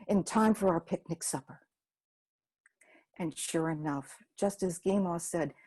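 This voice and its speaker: A woman telling a folk story in an unhurried, homespun way. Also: mid-range voice, warm tone.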